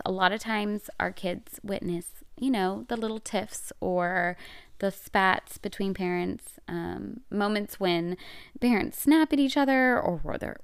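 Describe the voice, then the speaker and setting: A middle-aged woman talks through parenting advice in a relaxed, conversational way, often restarting her sentences. Her voice has a gravelly edge under a smooth, clear tone. The recording is dry and close. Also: mid-range voice, dry recording. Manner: conversational, many fillers and self-corrections. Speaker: parenting podcast host. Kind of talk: casual advice talk.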